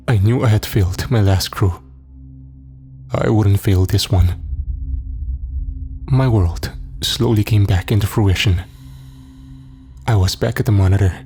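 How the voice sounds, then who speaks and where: A man narrating a first-person horror story in a steady, somber way. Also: on the low side.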